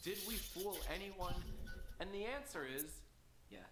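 A man's voice: high voice, animated, a little slow, echoey room, music in the background. A man reading a scripted comedy narration in a playful, mock-incredulous manner. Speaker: video narrator.

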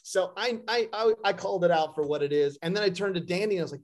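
A man with a high voice tells a rambling, animated story, jumping into the voices of the people he quotes. It is an easygoing interview, and he plays it for laughs. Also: quick pace, hardly any pauses. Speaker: actor guest. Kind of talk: casual interview anecdote.

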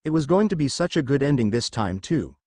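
A man's voice: mid-range voice, big pitch swings, brisk, a little mellow, no room sound, studio quality. A man voicing a lecherous old male sage mentor in a fan fiction audiobook, talking in a theatrical, blustering way. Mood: sulking.

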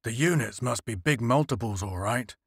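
A man's voice: mid-range voice, expressive, moderate pace, vocal fry, husky, no room sound, studio quality. A man doing a musing ship officer.

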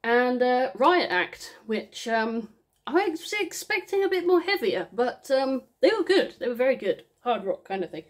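A woman's voice: high voice, big pitch swings, moderate pace. Rambling Northern English woman. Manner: rambling, chatty, talks to herself. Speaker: vinyl unboxing vlogger. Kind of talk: casual unboxing chat.

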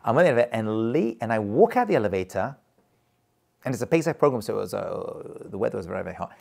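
Animated middle-aged rabbi teaching a class. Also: male voice, lowish voice, fast talker, gravelly. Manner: animated, chatty, tells anecdotes with acted quotes. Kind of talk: lively storytelling lecture.

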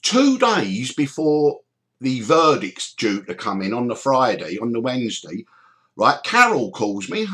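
Animated man telling stories. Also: medium pitch, normal speed. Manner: animated, swears freely, acts out quoted voices. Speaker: podcast host. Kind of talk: storytelling chat.

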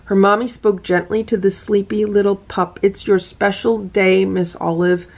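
A woman reading a children's picture book aloud to her cats, gentle and sing-song, breaking off to point at the pictures. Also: mid-range voice, little pitch movement, normal speed. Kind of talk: storybook read-aloud with asides.

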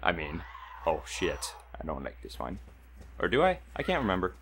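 Lively low-voiced young man gaming. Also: moderate pace, creaky, a little hiss or hum. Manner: rambling, storytelling, easily sidetracked. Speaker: gaming channel co-host. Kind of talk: casual let's-play banter.

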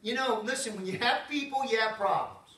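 A man pastor, preaching a folksy, animated sermon with frequent asides to the congregation. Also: very high-pitched, fairly quick. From Southern United States. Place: church sanctuary. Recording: roomy church sound from a distance.

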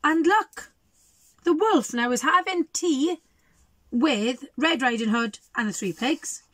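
A woman teacher reads a picture book aloud in a slightly high voice. She stops now and then to ask the children questions, in a dry, close-sounding room. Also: expressive, slow, a bit bright, no echo.

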